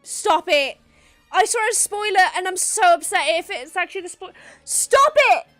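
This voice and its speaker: A woman's voice: very high-pitched, normal speed, a bit bright, no room sound, faint music behind. A woman hosting a reaction video, exclaiming, gasping and laughing as she watches. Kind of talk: excited reaction commentary.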